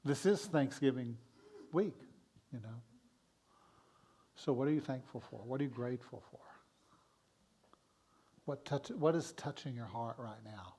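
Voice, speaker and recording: A man giving a sermon as minister in a church, speaking in a gentle, encouraging way. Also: medium pitch, unhurried, long pauses, husky. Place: church sanctuary.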